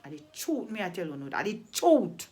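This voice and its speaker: A woman from Jamaica with a Jamaican accent, telling a story in a deliberate way and repeating phrases for emphasis. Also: mid-range voice, big pitch swings, a little mellow. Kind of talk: oral storytelling.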